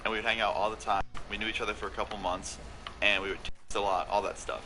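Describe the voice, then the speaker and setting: A man's voice: fairly low pitch, little pitch movement, fast, over music, rough recording. A young man telling a casual story-time tale, swearing freely and filling with "like" and "okay?". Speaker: storytelling vlogger. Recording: loud vehicle noise behind the voice.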